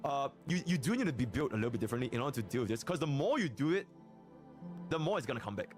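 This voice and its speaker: A man giving calm, reflective commentary on online drama, using gaming analogies. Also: mid-range voice, very fast, soft background music. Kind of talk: measured commentary.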